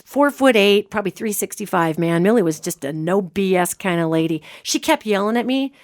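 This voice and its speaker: A woman hosting a podcast as a medium, an animated storyteller who acts out quotes in casual chat. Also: medium pitch, fairly quick. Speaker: host and medium.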